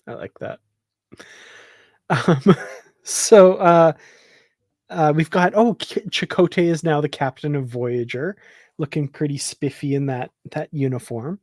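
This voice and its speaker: Slow-talking enthusiastic man, dry sound. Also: fairly high pitch, darkish tone, no echo. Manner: enthusiastic, laughs often, many fillers. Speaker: podcast co-host. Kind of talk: casual fan discussion.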